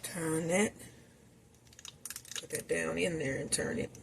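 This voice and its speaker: A woman's voice: deep voice, fairly even intonation, takes it slowly, creaky, a little hiss or hum. A woman chatting casually to her viewers while she cooks in her home kitchen, calling them y'all. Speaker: home cooking vlogger. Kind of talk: casual cooking vlog narration.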